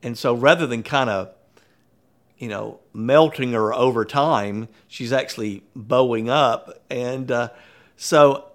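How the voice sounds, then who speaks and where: A man, a workplace consultant, telling a story in an animated, conversational way with frequent chuckles. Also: medium pitch, takes it slowly. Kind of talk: storytelling talk.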